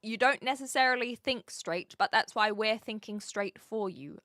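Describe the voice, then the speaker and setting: Chatty woman streamer, bright tone. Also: fairly high pitch, moderate pace, few pauses, dry recording, studio quality. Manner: chatty, laughs often, playful. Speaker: livestream host. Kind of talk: casual chat reading viewer messages.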